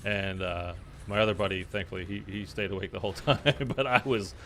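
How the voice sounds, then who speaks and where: A man telling a personal story in casual chat, rambling with many fillers and loudly acting out quoted lines. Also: lowish voice, steady tone, fairly quick, a little hiss or hum. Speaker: streamer. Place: in Los Angeles.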